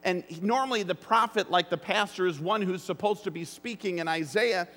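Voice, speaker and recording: A man preaching a sermon as pastor, earnest and emphatic, with deliberate phrasing. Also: sits high, fairly bright tone. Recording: long reverb of a large hall.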